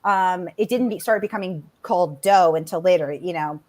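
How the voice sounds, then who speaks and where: Chatty, animated woman author. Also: on the low side, normal speed. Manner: animated, chatty, many fillers. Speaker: author, guest. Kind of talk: conversational interview answers.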